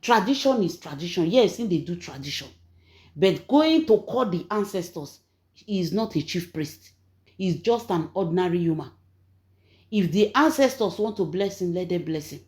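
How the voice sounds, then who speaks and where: A Nigerian woman hosting her own channel, telling gossip in an emphatic, preachy way that swings between loud and soft. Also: lowish voice, animated, moderate pace. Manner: emphatic, preachy, rising and falling in loudness. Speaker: channel host and gossip storyteller. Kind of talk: animated gossip commentary.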